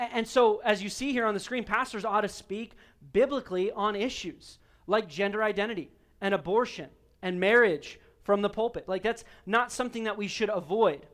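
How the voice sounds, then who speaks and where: A man's voice: high-pitched, fairly bright tone. A male pastor preaching a sermon in an earnest, emphatic way, repeating key phrases for weight.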